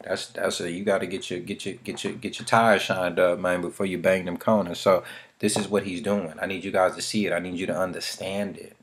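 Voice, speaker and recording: A man's voice: deep voice, little pitch movement, fairly quick, a little hiss or hum. A man from the Bay Area talking through a screen share of a real estate company, full of street slang and motivational asides. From San Francisco Bay Area. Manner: hype, preachy motivational asides. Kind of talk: casual screen-share commentary.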